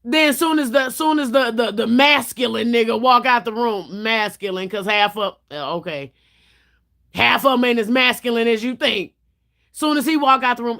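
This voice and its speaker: A woman's voice: on the high side, moderate pace, fairly bright tone. A woman hosting a livestream, chatting casually and telling stories bluntly, with plenty of swearing. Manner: blunt, profane, storytelling. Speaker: livestream host.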